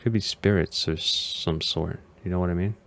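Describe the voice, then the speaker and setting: A man's voice: deep voice, fairly even intonation, moderate pace, gravelly, a bit bright. A man hosting a casual video reaction as a vtuber, talking in a hesitant, rambling way and often sounding unsure.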